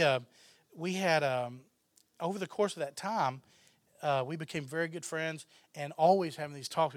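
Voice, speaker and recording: A man's voice: medium pitch, no echo. A man telling a casual story as a guest, laughing often and acting out what others said. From Texas, USA. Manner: animated, laughs often, acts out others' lines.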